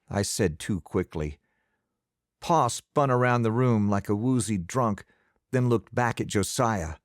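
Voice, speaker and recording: A man narrating an audiobook in the first person, measured and expressive. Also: mid-range voice, no room sound, studio quality.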